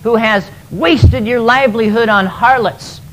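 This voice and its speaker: Man playing aggrieved grown elder son, bitter complaint, high voice, sermon retelling. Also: a little slow, fairly bright tone, poor audio. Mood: resentful.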